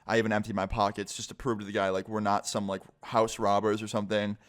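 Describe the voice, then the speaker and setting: A man's voice: fairly low pitch, little pitch movement. A young man telling a story on his vlog in a casual, rambling way, full of fillers. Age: young adult. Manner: casual, fast-flowing storytelling with many fillers. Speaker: vlogger.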